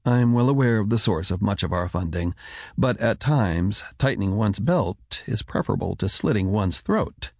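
Calm careful scholar boss, narrator's take, low voice, a bit gravelly. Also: male voice, normal speed, no echo. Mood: measured. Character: measured head of a scholarly order, man.

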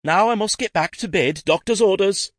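A man's voice: medium pitch, big pitch swings, unhurried, husky, no room sound, studio quality, voice pushed up. A man voicing a sly, theatrical woman who fakes a wheezy, coughing illness.

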